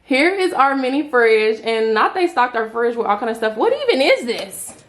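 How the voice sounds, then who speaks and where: A young woman vlogging a hotel room tour in an excited, chatty way, full of playful slang, filmed on a handheld phone. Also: on the high side, moderate pace. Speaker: travel vlogger. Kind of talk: casual vlog room tour.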